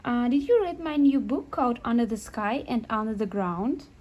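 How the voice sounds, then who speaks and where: A woman voicing an excitable, chatty young woman writer who talks in quick exclamations in a home-made toy sketch. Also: a little high, highs cut off, natural voice. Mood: excited. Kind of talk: amateur toy sketch voice acting.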